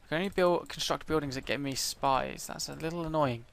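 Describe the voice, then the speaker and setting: A man's voice: a little high, fairly quick, creaky, a bit bright. A man commenting on his own strategy game as he plays, thinking aloud with frequent hesitations and fillers. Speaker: let's play gamer.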